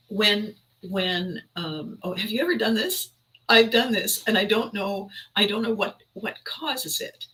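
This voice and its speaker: A woman's voice: medium pitch, expressive, moderate pace, bright, forceful tone, poor audio. A woman hosting a livestream, telling a rambling, reflective story in a chatty way and often interrupting herself. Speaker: livestream host. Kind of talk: casual reflective monologue.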